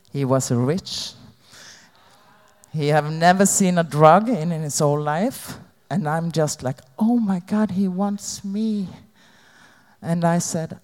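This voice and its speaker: A woman giving a candid, halting personal testimony about her recovery to an audience. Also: low-pitched, darkish tone. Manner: halting, candid, plain-spoken. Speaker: recovering addict sharing her story. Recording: long hall reverb.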